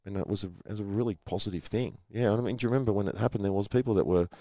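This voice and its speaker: A middle-aged man chatting as an interview guest, his voice sitting very low. He talks quickly and acts out the people in his anecdotes. The sound is dry and close. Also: mellow, no echo. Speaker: podcast guest, former rugby league player. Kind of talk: casual storytelling interview.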